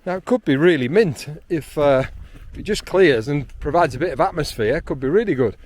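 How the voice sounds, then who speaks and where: A man, chatting excitedly outdoors on a hilltop, with frequent ums. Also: fairly high pitch, normal speed. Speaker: landscape photographer. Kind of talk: casual vlog narration while hiking.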